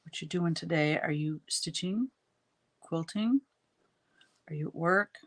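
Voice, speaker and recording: A woman's voice: low-pitched, unhurried. A middle-aged woman hosting a casual live stream, greeting viewers and chatting while she crafts, a bit sniffly from allergies. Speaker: livestream host chatting with viewers.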